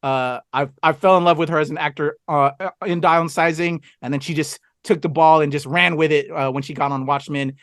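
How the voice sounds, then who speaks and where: A man's voice: a little high, fairly even intonation, fairly quick, hardly any pauses, fairly bright tone, no room sound, clean studio sound. A man co-hosting a casual film review, talking enthusiastically with lots of fillers and asides. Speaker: podcast co-host.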